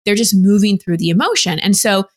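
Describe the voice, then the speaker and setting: A woman's voice: mid-range voice, lively intonation, a little fast. A woman guest on an interview podcast, explaining things in an earnest, teacherly way as a relationship coach. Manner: earnest, teacherly, acts out example voices.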